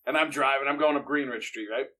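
Bright-voiced swearing man. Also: medium pitch, quick pace. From northeastern Pennsylvania. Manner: animated storyteller, swears constantly. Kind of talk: casual profane chat.

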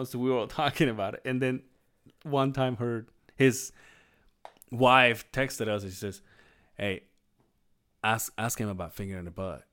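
A man's voice: medium pitch, moderate pace, long pauses, clear, resonant tone. A man co-hosting a podcast in casual chat, telling stories with acted-out voices and frequent laughter. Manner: animated storyteller, acts out voices, laughs a lot. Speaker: podcast co-host.

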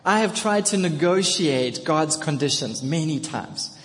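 A man preaching a sermon to his congregation, telling a story with repeated phrases and building to loud, emphatic calls. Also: a little high, lively intonation, a little slow, a little hiss or hum. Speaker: pastor. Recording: long reverb of a large hall.

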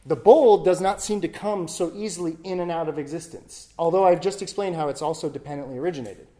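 A Buddhist teacher giving a dharma talk to a class in a playful, animated way, often checking in with "right?" and demonstrating with objects. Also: mid-range voice. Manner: frequent tag questions "right?".

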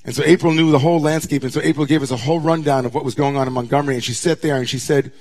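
A middle-aged man, a rabbi, giving a dramatic sermon that swings from hushed, drawn-out near-whispers to impassioned declamation. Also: mid-range voice, steady tone.

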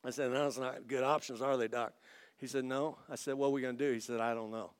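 A man from Italy, a pastor, telling his story to a congregation as a sermon, acting out both sides of the dialogue and building to excited peaks. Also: medium pitch, fast talker, clean tone. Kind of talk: testimony sermon.

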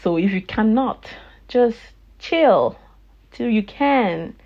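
A woman's voice: a little high, takes it slowly. Woman host, casual storytelling monologue, laughs a lot, lo-fi audio. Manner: chatty, laughs often, animated retelling of dialogue. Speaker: podcast host.

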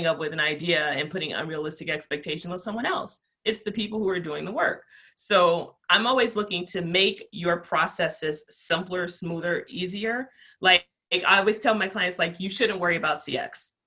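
A woman appears as a podcast guest, speaking energetically and at length about customer service, with many fillers in her passionate talk. Her voice is lowish.

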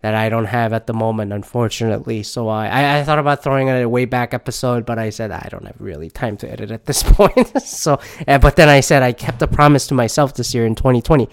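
Podcast host, male, mid-pitched, smooth, clear voice; loose, profane rambling delivery, drained and under the weather. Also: quick pace, hardly any pauses. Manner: rambling rant, swears often, retells with "I go like". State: low on energy, under the weather. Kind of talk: casual solo podcast chat.

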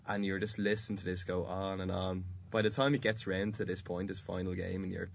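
Man, podcast host, low voice, chatty, laughs mid-sentence, studio. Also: little pitch movement, fairly quick, creaky, slight background noise. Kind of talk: casual sports chat.

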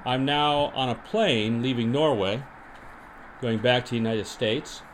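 A man hosting a podcast, deadpan and rambling with many restarts, in an improvised comedy monologue and mock interview. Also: mid-range voice, unhurried, slight background noise. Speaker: podcast host.

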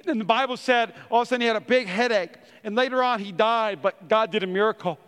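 A middle-aged pastor preaches a sermon in a church, animatedly sharing funny family stories and performing the quotes. His voice is high and fast, with a clean tone and a long reverb tail.

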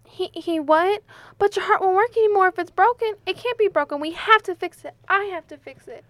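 A woman's voice: very high-pitched, fairly quick, fairly bright tone, dry recording. A woman playing a sweet, eager little girl, talking in a childlike, earnest way in a stage play. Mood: anxious. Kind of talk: amateur stage play recording.

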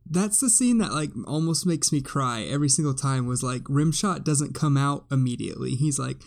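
A man's voice: mid-range voice, moderate pace, creaky. A man co-hosting a casual chat, musing loosely about a movie with some fillers.

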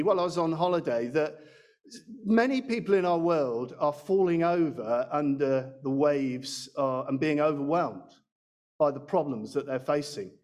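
A man's voice: on the high side, a little mellow. A man preaching a sermon in a church, chatty and self-deprecating, speaking into a handheld mic. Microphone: handheld microphone.

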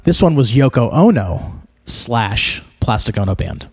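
A man's voice: medium pitch, expressive, unhurried, breathy edge. A man co-hosting a podcast, chatting casually and explaining album facts in an easygoing way. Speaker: podcast co-host presenting the album.

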